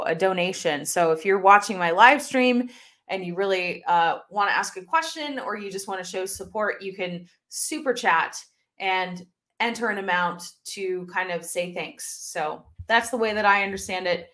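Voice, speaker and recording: A woman's voice: medium pitch, a bit bright. A young woman hosting a casual live stream from home, chatting upbeat with lots of fillers as she reads viewer comments. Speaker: YouTube host reading live chat. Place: home, by her desktop computer.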